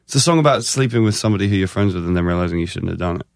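A man's voice: low voice, lively intonation, racing, gravelly, no room sound, studio quality. A man chatting as a guest on a podcast, swearing freely and restarting his sentences often. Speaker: guest musician. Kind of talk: casual podcast chat.

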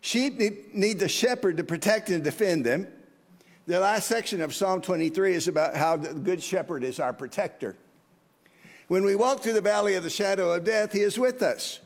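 Man in his 50s preaching, high voice, long church echo, earnest and chatty. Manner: earnest, conversational, asks the congregation questions. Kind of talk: sermon. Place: church sanctuary.

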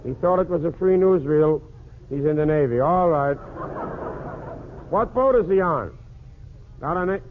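A man's voice: fairly high pitch, expressive, a little slow, pauses often. A man hosting a 1940s radio comedy show, cracking jokes through a one-sided phone call. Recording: tinny old radio broadcast with faint hiss.

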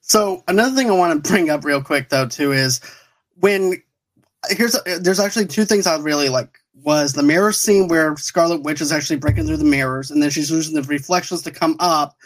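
A woman co-hosting a casual podcast, talking with excited fan enthusiasm. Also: deep voice, fairly quick, poor audio. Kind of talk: casual chat.

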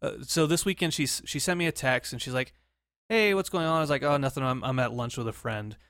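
A man co-hosting a podcast in casual chat, an animated storyteller who repeats words when excited. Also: mid-range voice, quick pace, dry recording, clean studio sound. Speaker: podcast co-host.

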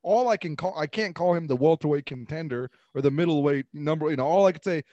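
A man's voice: fairly high pitch, quick pace, warm tone, no echo, lo-fi sound. A man co-hosting a podcast in casual chat, rambling with frequent laughs and restarts. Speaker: podcast co-host.

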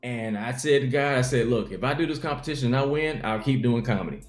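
A man's voice: mid-range voice, quick pace, roomy sound, faint music behind. A young adult man, a comedian, telling his life story in an interview and acting out the people in it. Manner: animated storyteller acting out quotes.

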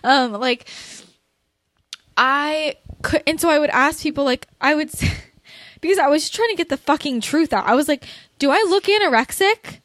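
A woman's voice: sits high, normal speed, a bit bright, no room sound. A young woman hosting a candid conversation, talking bluntly and ramblingly with many fillers and laughing through tears.

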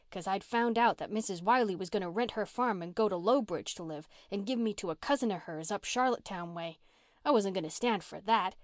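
A scrappy, half-starved runaway girl of about twelve, as a woman reader puts her on, rattling on in blunt country slang. Her voice sits up high and carries, and the recording is dry and close, with no room around it. It fits a storybook read aloud. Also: dry recording, lightly acted. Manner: rough country dialect, blunt and chattering.

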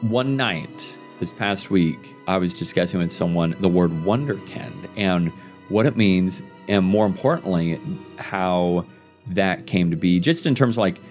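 A man hosting a podcast in casual chat, playful and quick to laugh. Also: low voice, a little mellow, faint music behind. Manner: playful, laughs often, trails off mid-thought. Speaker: podcast host.

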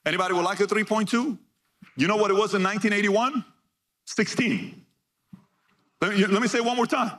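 A man giving a motivational keynote to a live audience, energetic and punchy, reading figures out in short bursts and firing questions at the crowd. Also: sits high, a little fast, pauses often. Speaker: keynote speaker.

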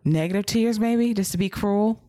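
A woman's voice: mid-range voice, normal speed, mellow. Woman cohost on a podcast, blunt and direct, plain mid voice. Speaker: podcast co-host. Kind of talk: casual wrestling review chat.

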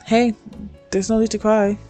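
A woman voicing a scruffy, stern man who is gruff but gentle, speaking in plain, low reassurance in a fanfic reading. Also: level tone, moderate pace, soft background music, natural voice.

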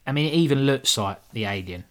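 Speaking fast in an animated mid-range voice, this podcast co-host runs through a film's story in laid-back conversation. His humor is dry and sarcastic, and he swears and laughs along the way.

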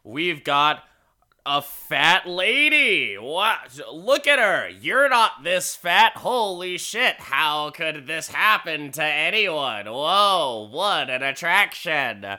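A man doing a loud, crude, gawking male carnival barker. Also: fairly high pitch, big pitch swings, slow pace, pitched above the performer's own voice, full character voice.

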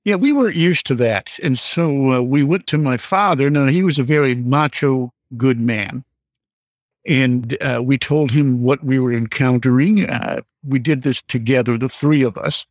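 An older man in his seventies tells a ghost story from his youth as a caller on a show. He speaks slowly and deliberately, pausing often. His voice sits in the middle range and is recorded dry and close. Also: mid-range voice, no echo. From Michigan. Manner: slow, deliberate storytelling with frequent "uh" pauses. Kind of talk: storytelling on a radio call.

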